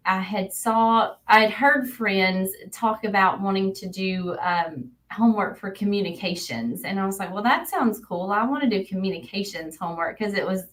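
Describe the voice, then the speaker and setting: A woman's voice: mid-range voice, normal speed, hardly any pauses, a bit bright. A woman audiologist answering interview questions in a plain, explanatory way with many fillers. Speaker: audiologist, guest.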